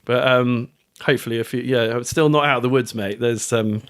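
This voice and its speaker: A middle-aged man with a British accent, talking as a guest in a relaxed podcast interview. He rambles in an animated way, full of fillers, restarts and casual swearing, and his voice sits at a middling pitch. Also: fairly quick, clean tone. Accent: British English. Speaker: guest author.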